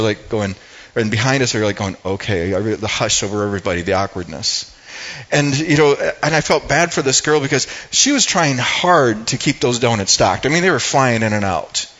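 Older man, mid-pitched, folksy storytelling preacher who rambles with restarts, slightly muffled lo-fi recording. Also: fairly bright tone. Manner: rambling and conversational, with many restarts and asides. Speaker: speaker giving a devotional talk. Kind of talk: personal storytelling sermon.

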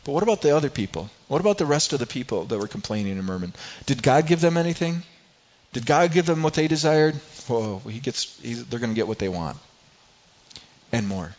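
A man's voice: mid-range voice, sing-song, a little fast, a little mellow, highs cut off. A man preaching a sermon as a pastor, earnest and asking rhetorical questions.

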